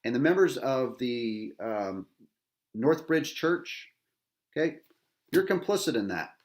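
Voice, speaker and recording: A middle-aged veteran man at a mid pitch rants in open anger. His talk is bitter and profane, circling back on itself and pressing the listener with questions. He sounds agitated throughout. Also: animated, takes it slowly. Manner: bitter, profane, repetitive, with rhetorical tags. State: agitated, angry. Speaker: veteran podcast host. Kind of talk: angry personal rant.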